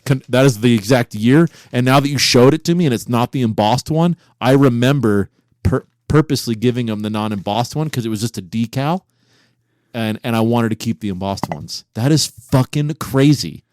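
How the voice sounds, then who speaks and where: Profane incredulous podcast host. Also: male voice, mid-range voice, moderate pace, no echo, studio quality. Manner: profane, incredulous, loud bursts of disbelief. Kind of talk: casual banter. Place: home recording room.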